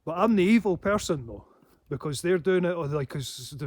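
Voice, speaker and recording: Male vlogger, higher-pitched voice, dry close sound, rambling and swearing. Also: animated, moderate pace, a little mellow, dry recording. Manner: heavy swearing, laughing to himself. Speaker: paranormal channel host. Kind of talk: casual rambling monologue.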